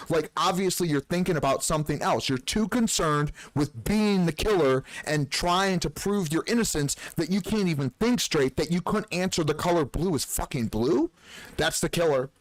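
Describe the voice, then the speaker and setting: A man streaming live, telling gaming stories in an animated, profane way and acting out the dialogue. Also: on the high side, moderate pace, no echo. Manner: animated storyteller, swears freely, acts out dialogue. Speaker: game streamer. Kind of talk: casual live-stream chat.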